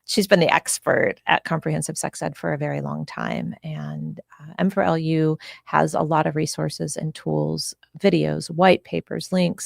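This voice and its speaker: A woman hosting an interview show, talking in a relaxed, conversational way. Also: low voice, vocal fry, dry recording, clean studio sound. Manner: conversational, promotes the show's resources. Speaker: host.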